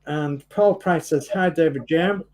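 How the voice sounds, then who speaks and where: A man's voice: on the high side, normal speed, darkish tone, low-quality recording. A man co-hosting a live stream, reading out viewers' greetings in a friendly way. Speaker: livestream co-host.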